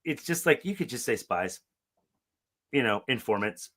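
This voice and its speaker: Bright-voiced profane man chatting. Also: mid-range voice, moderate pace. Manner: profane, animated, mimics characters in funny voices. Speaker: podcast co-host. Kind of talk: casual chat.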